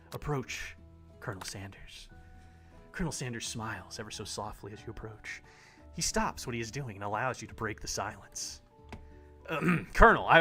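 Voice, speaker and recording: A man streaming live, reading a visual novel aloud in a dramatic, animated way and laughing often. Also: fairly high pitch, breathy edge. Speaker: game streamer.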